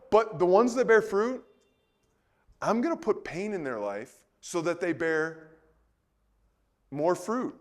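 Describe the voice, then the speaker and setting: High-voiced animated male preacher. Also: slow pace, long pauses. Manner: animated, rhetorical questions, swings between soft and loud; conversational, repeats words. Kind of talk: sermon.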